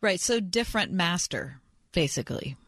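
A woman's voice: lowish voice, very animated, moderate pace, a bit bright, breathy edge, no echo, clean studio sound. A woman hosting a radio talk show, conversationally summarizing her guest's points and asking follow-up questions. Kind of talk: radio interview.

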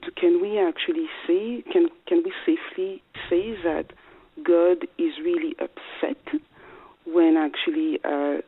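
A woman's voice: deep voice, no echo. A woman with a strong French accent calling in to ask a question, talking hesitantly with many fillers and restarts. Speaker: caller. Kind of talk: call-in question. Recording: husky tinny phone line.

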